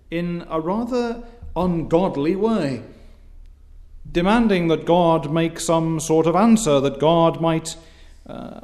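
A man preaching an expository sermon in a measured, formal way, reading scripture and rising in force when impassioned. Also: on the high side, darkish tone.

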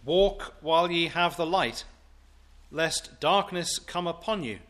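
Slow, bright-voiced preacher, a man. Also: fairly high pitch, lively intonation. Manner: slow, solemn, deliberate delivery. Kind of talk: scripture reading and sermon.

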